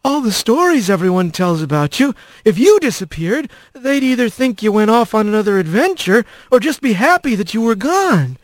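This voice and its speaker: A man voicing a treacherous male hawk who speaks softly with menace, then shrieks in panic. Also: sits high, big pitch swings, moderate pace, hardly any pauses, no room sound.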